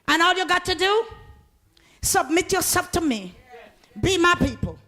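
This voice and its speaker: Fervent woman preacher, high and bright, lively delivery that breaks into shouts. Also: moderate pace, pauses often. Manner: fervent, swings from talk to shouting; laughs often, calls on the congregation. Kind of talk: sermon.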